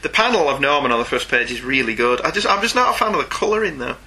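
A man's voice: mid-range voice, big pitch swings, fast, bright, forceful tone, breathy edge. A man co-hosting a podcast, chatting casually and in detail about comics with a dry humour. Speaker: podcast co-host. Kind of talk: casual chat reviewing comics.

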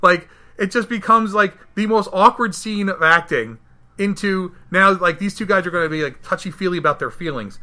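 A man recapping a movie in casual chat, animated and acting out the characters' lines. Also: moderate pace. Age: adult, married. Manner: animated, acts out quotes with big jumps in pitch. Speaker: podcast co-host reviewing a film.

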